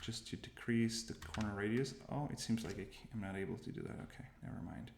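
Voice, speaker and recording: Low-voiced man thinking aloud while coding. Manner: thinking aloud, halting, self-correcting. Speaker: developer demoing his coding workflow. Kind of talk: casual screencast commentary. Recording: roomy with noticeable background noise. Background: keyboard typing and mouse clicks.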